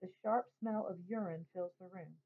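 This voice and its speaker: A woman reading a novel aloud in a plain, unhurried way. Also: fairly low pitch. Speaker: reader. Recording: tinny phone-like sound.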